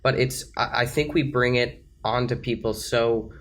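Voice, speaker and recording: Excitable teenage boy podcast co-host. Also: mid-range voice, normal speed. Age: teens. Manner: excitable, jumps in and cuts others off. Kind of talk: casual chat.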